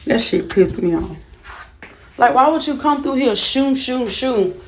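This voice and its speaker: A woman's voice: high voice, expressive, moderate pace. A shaken woman, just woken from sleep, venting angrily to her viewers with heavy swearing and repetition. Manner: profane, repetitive, agitated. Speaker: vlogger. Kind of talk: angry venting to camera.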